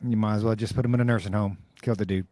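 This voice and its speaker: Teasing podcast host, dry close sound. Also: male voice, lowish voice, steady tone, very fast, warm tone, dry recording. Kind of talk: casual podcast chat and sign-off.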